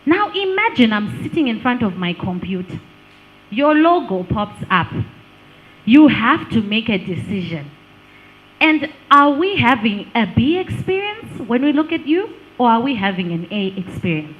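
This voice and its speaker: Woman, workshop speaker, animated pitch, engaging, asks the audience questions. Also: a little slow, muffled recording. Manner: lively, engaging, asks the room questions, laughs often. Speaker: speaker on digital branding. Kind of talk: live workshop talk to an audience.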